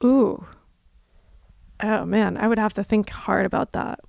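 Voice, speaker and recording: A young woman musician talks through a livestream Q&A at an unhurried, drawn-out pace, trailing into fry at the ends of phrases. Her voice stays clean and smooth under the gravel, and the sound is close and dry, with no room around it. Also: mid-range voice, dry recording. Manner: reflective, unhurried, many fillers and soft laughs. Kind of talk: casual livestream chat.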